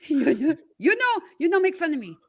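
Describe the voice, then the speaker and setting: A woman's voice: high voice, big pitch swings, normal speed, pitched above the performer's own voice. A woman putting on an exaggerated mock accent as a scolding figure, in clipped broken phrases.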